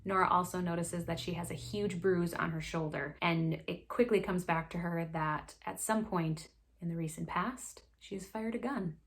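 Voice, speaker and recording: A woman hosting a casual book recap, chatty and sassy, full of quick asides. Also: fairly low pitch. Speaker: book review host.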